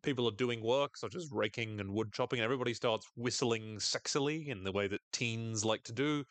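A man's voice: medium pitch, a little fast, no room sound. Guy on a podcast recapping a show, jokey, does silly voices for the characters, dry close mic. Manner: animated, jokey, acts out quoted characters in exaggerated voices. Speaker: podcast co-host. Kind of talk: casual TV recap chat.

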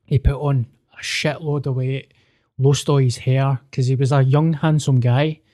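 Male podcast co-host, mellow voice, swears a lot, acts out quotes. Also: medium pitch, unhurried. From Scotland. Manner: sweary, animated storyteller acting out dialogue. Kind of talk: casual storytelling chat.

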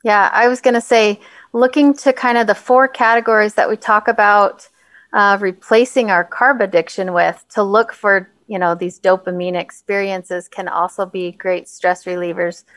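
A woman's voice: mid-range voice, steady tone, normal speed, a bit bright, dry recording. A woman co-hosting a health podcast, chatting casually and laughing easily. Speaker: podcast co-host, health coach.

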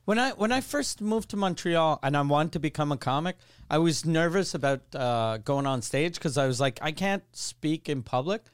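Podcast host guy, smooth clear voice, kinda high, dry studio sound, swears a lot. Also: animated, moderate pace, dry recording. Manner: storytelling, profane, laughing. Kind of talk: casual comedy podcast chat. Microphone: studio microphone.

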